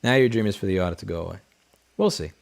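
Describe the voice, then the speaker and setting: This livestream host has a fairly low, creaky voice and rapid-fire delivery. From a home studio desk with a studio headset mic, he keeps things casual, reading viewer messages and telling rambling stories that are blunt and full of profanity.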